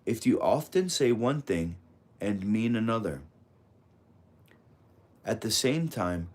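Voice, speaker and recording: A man reading a parenting audiobook in a calm, measured, instructive way. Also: fairly low pitch. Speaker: audiobook narrator. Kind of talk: scripted audiobook narration.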